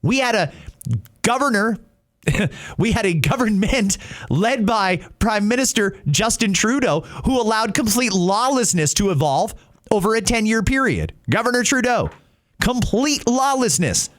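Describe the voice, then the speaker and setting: Fired-up guy ranting on his show, pretty high voice. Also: very animated, unhurried, a bit bright. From Canada. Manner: indignant, ranting. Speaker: podcast host. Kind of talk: opinion commentary.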